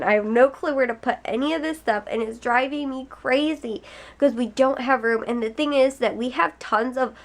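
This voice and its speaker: A woman's voice: a little high, normal speed, a bit bright. A young woman vlogging casually to her viewers, rambling with lots of fillers, her nose stuffy from a cold. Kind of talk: casual vlog chat to camera.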